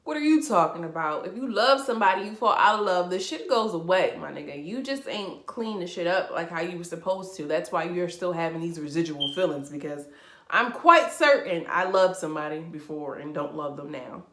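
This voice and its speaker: A woman's voice: on the low side, expressive, a little fast, a bit bright, echoey room. A woman giving casual vlog commentary as a reality TV reviewer, talking bluntly and profanely with incredulous laughs.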